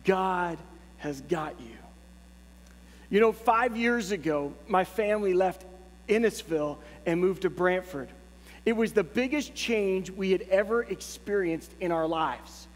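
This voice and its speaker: High-voiced male pastor telling a funny story. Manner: storytelling, lively and humorous. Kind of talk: sermon with a personal story. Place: church sanctuary. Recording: long church reverb, faint hum.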